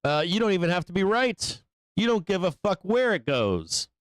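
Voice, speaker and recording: Blunt, profane man with a smooth voice. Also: high voice, sing-song, moderate pace, no echo. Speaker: live trading show host. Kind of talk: live market commentary.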